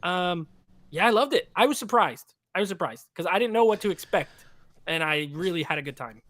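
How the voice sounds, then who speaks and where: A man's voice: sits high, expressive, fairly quick, fairly bright tone, dry recording. A man co-hosting a casual movie review chat, talking with enthusiasm and rambling with many fillers. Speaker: podcast co-host.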